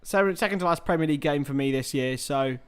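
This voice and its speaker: A young man hosting a live football watchalong, chatting with viewers, swearing freely and shouting at big chances. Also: fairly high pitch, fast, smooth. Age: young adult. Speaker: watchalong host.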